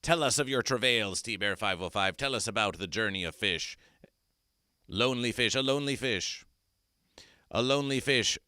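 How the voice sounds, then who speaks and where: Male comic host, grandiose and repetitive, smooth tone, dry close mic. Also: medium pitch, normal speed, pushed and bright, no room sound. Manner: grandiose, repetitive, mock-solemn proclamations. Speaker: comedy performer. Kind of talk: absurdist livestream chat.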